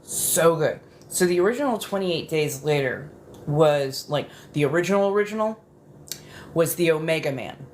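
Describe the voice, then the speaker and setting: A woman chatting in a soft-spoken ASMR style, rambling casually as she goes. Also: low voice, expressive, moderate pace, a little hiss or hum. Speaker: ASMR creator.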